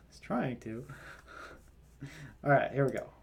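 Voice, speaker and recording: A man's voice: mid-range voice, animated, slow, gravelly, slightly rough. A man hosting casual political commentary, talking in a rambling way with lots of fillers. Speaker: commentary host.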